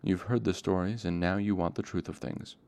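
A man's voice: deep voice, fairly even intonation, brisk, vocal fry, darkish tone, clean tone. A man voicing a brooding male innkeeper in an audiobook reading, curt and sarcastic. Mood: flat.

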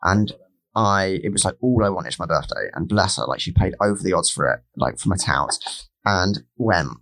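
A man's voice: deep voice, lively intonation, moderate pace, a bit bright, dry recording. A man, a guest comedian on a podcast, telling rambling and enthusiastic stories in casual chat.

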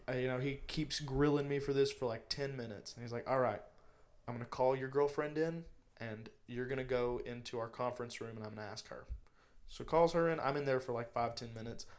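A young man co-hosting a podcast, telling a story in casual chat and acting out the quotes. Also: medium pitch. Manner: animated, acts out quotes in different voices. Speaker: podcast co-host.

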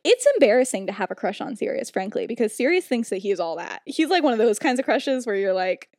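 A woman's voice: on the high side, expressive, fast, a little mellow, no room sound, studio quality. A young woman co-hosting a podcast, giggling as she retells a story in casual chat, full of "like". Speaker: podcast co-host.

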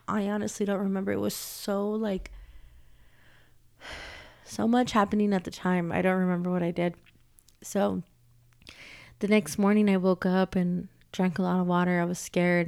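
A woman's voice: mid-range voice, vocal fry. Young woman vlogging at home, ranty storytime, cusses a ton, says like constantly. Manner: animated ranting with frequent swearing and "like". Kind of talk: casual storytelling vlog.

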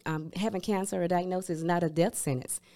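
A woman's voice: fairly low pitch, steady tone, quick pace, dark tone. A woman, a guest telling her story candidly and upbeat, with many fillers. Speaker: guest, cancer survivor. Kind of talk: casual interview chat.

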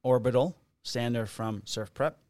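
A man's voice: medium pitch, measured pace, a little mellow, no room sound. A man co-hosting a casual podcast, rambling through stories, jokes and a sponsor read. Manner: joking, rambling storyteller. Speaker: podcast co-host. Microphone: studio podcast mic.

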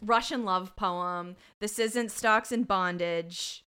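A woman's voice: medium pitch, slow pace, pushed and bright, clear, resonant tone. A woman co-hosting a podcast, chatting casually with blunt, emphatic reactions and the odd swear. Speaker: podcast co-host. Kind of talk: casual chat.

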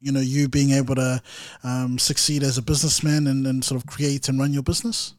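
A man hosting a podcast interview, who asks thoughtful questions in a measured way with frequent ums. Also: mid-range voice, little pitch movement, darkish tone, no echo. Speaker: podcast host, student teacher. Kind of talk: casual interview.

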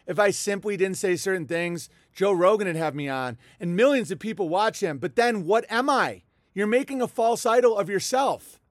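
A man's voice: high voice, no echo, clean studio sound. A man delivering a heated, profane political monologue, mocking his targets. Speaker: political commentator.

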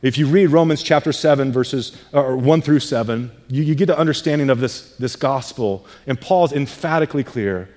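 A man's voice: medium pitch, normal speed, few pauses, darkish tone, in a large hall. A middle-aged male pastor delivering a sermon, earnest and emphatic, asking rhetorical questions and answering them.

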